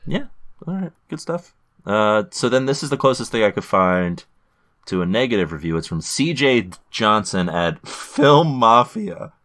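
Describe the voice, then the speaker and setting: A man with a very deep voice chatting casually as a podcast host. He halts often, with ums and restarts. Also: very animated, normal speed, fairly bright tone. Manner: hesitant, many ums and restarts. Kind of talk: casual chat.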